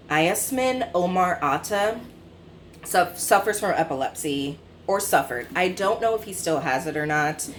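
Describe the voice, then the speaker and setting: A woman in her twenties talks through her recent reads in a loose, rambling way. She pads her sentences with fillers and often corrects herself mid-thought. Her voice sits a little lower than most women's. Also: a little hiss or hum. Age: 20s. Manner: chatty and rambling, with many fillers and self-corrections. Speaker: book vlogger. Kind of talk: casual book review chat.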